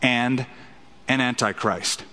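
A man's voice: medium pitch, slow, sharp tone, long reverb tail, a little hiss or hum. A man preaching an expository sermon as a pastor, emphatic and fond of rhetorical questions.

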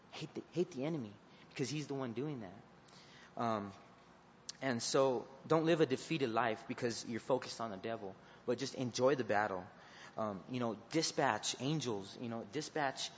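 A man giving an informal sermon to students, earnest and halting, with many fillers and restarts, then leading a prayer. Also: mid-range voice, slight background noise. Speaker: youth preacher. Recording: dull recording with long reverb.

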